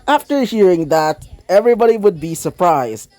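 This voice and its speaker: A man's voice: high-pitched, very animated, moderate pace, a little mellow, dry recording. A man casually narrating a fan story aloud, rambling with fillers and restarts. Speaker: fan fiction reader.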